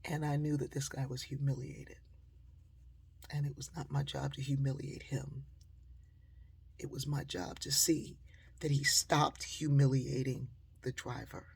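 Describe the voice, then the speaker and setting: A woman giving a storytelling talk, animated and acting out the dialogue she quotes. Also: very deep voice, a little slow, creaky, husky. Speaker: motivational speaker.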